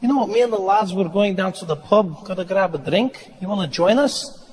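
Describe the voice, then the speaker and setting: A man's voice: sits high, fairly quick, slight background noise, voice pushed up, close to an everyday voice. A comedian voicing a cheerful, coaxing male Scottish friend with a Scottish accent, persuading someone to come for a drink. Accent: Scottish, put on.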